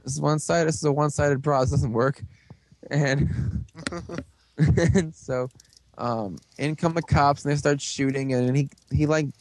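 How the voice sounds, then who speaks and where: A young man hosting a casual chat, rambling through a recap with lots of fillers and quick put-on voices for the characters. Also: medium pitch, darkish tone, a little hiss or hum. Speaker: podcast host recapping a show.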